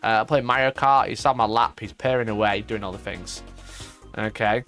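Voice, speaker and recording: A man's voice: on the low side, normal speed, a bit bright, faint music behind. A man hosting a casual live stream, rambling through a story and swearing freely. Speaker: streamer host. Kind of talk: casual livestream chat.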